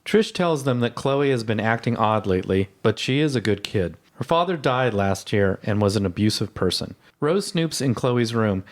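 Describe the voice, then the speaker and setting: A man's voice: fairly low pitch, animated, normal speed, few pauses. A man co-hosting a podcast, chatting casually and reading a plot recap, often hesitant and restarting his sentences. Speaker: podcast co-host.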